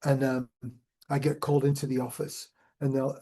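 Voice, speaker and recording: Older northern English man, dark tone. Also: medium pitch, moderate pace, gravelly. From Northern England. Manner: animated storyteller, swears freely, acts out quoted voices. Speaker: guest, musician and archivist. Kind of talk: casual storytelling interview. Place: music museum.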